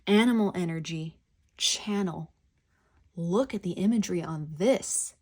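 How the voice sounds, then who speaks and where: A woman giving a pick-a-card tarot reading, talking in a gentle, effusive, spiritual way. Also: on the low side, a little slow.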